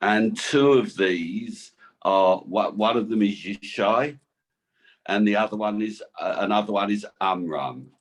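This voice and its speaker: A man's voice: on the low side, unhurried. A man, a student in a class, adding a comment with a stammering start before speaking freely. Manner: stammering start, then eager.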